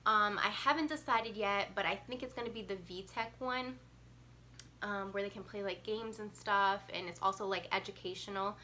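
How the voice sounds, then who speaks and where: A young woman with a bright, crisp-edged voice chats to her viewers, her nose a little stuffed from a cold and her breath running short. She rambles casually, dotting her talk with um and like, over a faint hiss of background noise. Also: medium pitch, moderate pace. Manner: chatty, lots of ums and likes. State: congested, getting over a cold. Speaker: mom vlogger. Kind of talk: casual chat to camera.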